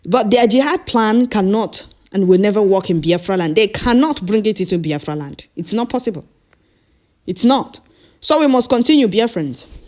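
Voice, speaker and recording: A woman's voice: medium pitch, darkish tone. Woman reading the news to her followers, keeps laughing and cutting in with sarcastic remarks. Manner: laughs often, mocking asides. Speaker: online news commentator.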